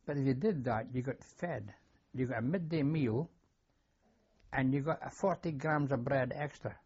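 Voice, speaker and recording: This oral history interview features an older war veteran with a Scottish accent, plain-spoken and inclined to repeat himself as he reminisces. He has a mid-range voice, a little mellow and slightly rough, at normal speed, and the audio is dull.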